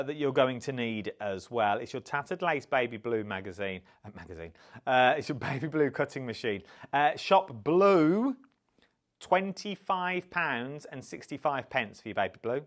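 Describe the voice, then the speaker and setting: A man with a British accent presenting a live craft shopping show, chatty and upbeat, reading out viewer comments as he goes. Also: medium pitch.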